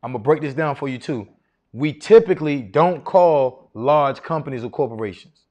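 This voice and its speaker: A man's voice: mid-range voice, animated, moderate pace, darkish tone, muffled recording. A man teaching a live seminar to an audience in a room, casual and confident, often asking the crowd rhetorical questions. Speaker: seminar speaker teaching contracting.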